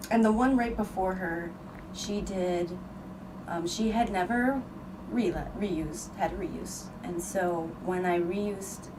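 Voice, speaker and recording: Distant-sounding woman telling an earnest story. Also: fairly low pitch. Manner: emotional, earnest, frank with occasional swearing. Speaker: podcast host. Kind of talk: candid conversational storytelling. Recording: distant mic with noticeable background noise.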